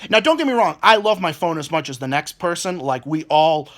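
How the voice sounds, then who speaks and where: A young man in his twenties rants about work, his fairly high voice swinging widely up and down. He swears nonstop, stumbles over repeated words and acts out other people in quoted bits. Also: expressive, brisk, a bit bright. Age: 20s. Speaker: vlogger. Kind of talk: angry rant.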